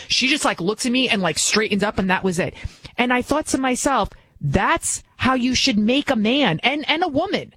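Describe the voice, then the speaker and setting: A woman's voice: fairly high pitch, expressive, moderate pace, a bit bright, husky. A middle-aged woman from the New York area, filling in as a talk radio host and delivering a blunt, emphatic, mocking opinion monologue.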